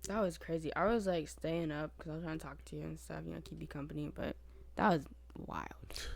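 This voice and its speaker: A young woman co-hosting a podcast, telling a story in a chatty, animated way full of fillers. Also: sits low, fairly quick, gravelly. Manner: chatty, animated, filler-heavy with frequent laughs. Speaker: podcast co-host. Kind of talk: casual chat, storytelling.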